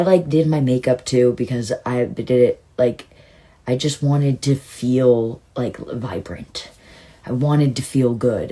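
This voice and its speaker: A woman telling a personal story in a rambling, emotional way, full of "like" and sudden jumps into excited retelling. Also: breathy edge. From Southern California. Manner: rambling and emotional, heavy use of "like"; swings into excited, high-pitched retelling. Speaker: storytime vlogger. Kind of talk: casual storytelling monologue.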